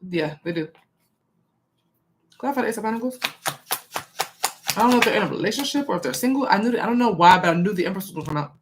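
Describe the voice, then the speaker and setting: A woman's voice: medium pitch, animated, quick pace, pauses often, a little hiss or hum. A woman doing a casual live-stream tarot reading, chatty with many fillers, reading viewer comments aloud. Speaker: tarot reader.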